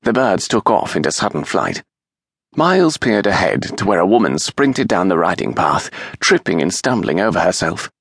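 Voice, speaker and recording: A man reading a historical romance audiobook aloud in an expressive, measured storytelling manner, with a gravelly, husky voice on a close studio mic. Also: low-pitched, no room sound. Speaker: audiobook narrator. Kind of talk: scripted narration of a historical romance.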